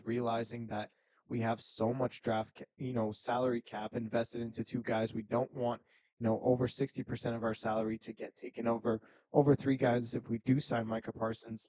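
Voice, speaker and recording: A man co-hosting a sports podcast, calmly reasoning through a football trade in casual talk. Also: mid-range voice, dry recording, poor audio. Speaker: podcast co-host.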